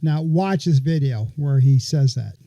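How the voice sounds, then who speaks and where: Speaking at a measured pace in a mellow, mid-range voice, a man runs a political podcast and talks his audience through a topic with casual sarcasm. The recording is dry.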